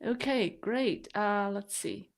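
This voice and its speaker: A woman, a non-native English speaker, hosting a casual live stream, chatty and quick to laugh at herself. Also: mid-range voice. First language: not English. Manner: chatty, laughs often, self-deprecating.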